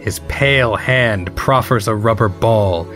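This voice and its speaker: A man's voice: lowish voice, a little slow, over music. Chuckling male podcast host narrating. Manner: chuckling, reads stage directions flatly between laughs. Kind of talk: comedic podcast dramatic reading.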